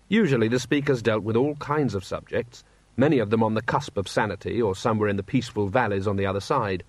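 A man reading a story aloud in a wry, steady narrating voice, acting out the characters. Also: fairly low pitch, quick pace, no echo. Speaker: audiobook narrator. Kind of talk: scripted narration.

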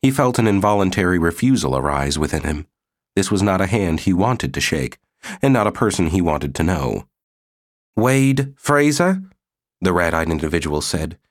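Low-voiced man reading a novel. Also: lively intonation, a little fast. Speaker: audiobook narrator. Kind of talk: scripted narration.

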